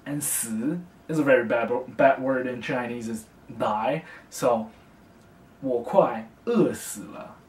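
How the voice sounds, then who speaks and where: A young man teaching a casual beginner language lesson, speaking slowly and patiently and repeating phrases for the learner. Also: medium pitch, a little mellow, distant mic. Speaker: language tutor. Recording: echoey room, voice from off the mic.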